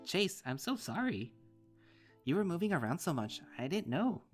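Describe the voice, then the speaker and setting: A man's voice: on the high side, sing-song, moderate pace, faint music behind, voice pushed up. A man voicing a friendly young male lynx who speaks in a hesitant, apologetic way. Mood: concerned.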